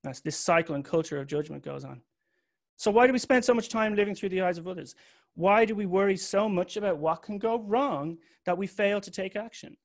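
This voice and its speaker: Young man, a touch high-pitched, frank confessional talk, swears freely. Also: brisk, gravelly. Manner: candid and confessional, swears casually. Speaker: speaker giving a talk. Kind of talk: personal talk to an audience.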